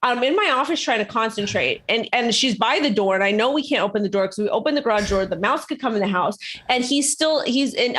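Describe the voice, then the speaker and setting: A woman co-hosting a casual talk show, telling a home story in an animated way and acting out the people in it. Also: fairly high pitch. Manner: animated storytelling with acted quotes. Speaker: podcast co-host. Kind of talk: casual chat.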